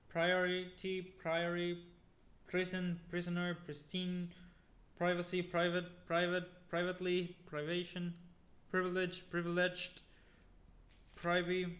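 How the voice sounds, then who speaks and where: A man slowly reading a long list of words aloud one by one, with now and then an exasperated aside. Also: sits high, echoey room. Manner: slow, flat word-by-word reading with exasperated asides. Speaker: youtuber.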